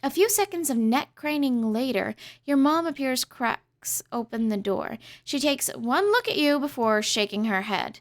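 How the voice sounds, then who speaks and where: A woman's voice: on the high side, lively intonation, normal speed. A young woman playing a story game, reading the narration aloud with casual, chatty asides. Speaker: game streamer. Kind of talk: reading a visual novel aloud with commentary.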